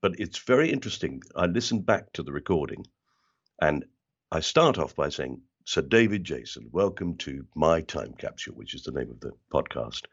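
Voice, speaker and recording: Animated older man from South London, deep voice. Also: moderate pace, husky, dull audio. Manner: animated storyteller who slips into other people's voices. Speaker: interview guest, actor and voiceover artist. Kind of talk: casual interview chat.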